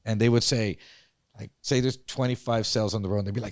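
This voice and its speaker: A man co-hosting a podcast, telling a story in a casual, profane and animated way. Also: lowish voice, fast, no echo, clean studio sound. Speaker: podcast co-host.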